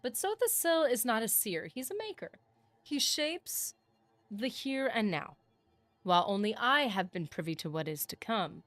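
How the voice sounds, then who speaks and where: A woman reading aloud the lines of a proud ancient goddess queen from a video game in a measured, solemn way, with an even, close, dry sound. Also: fairly high pitch, no room sound.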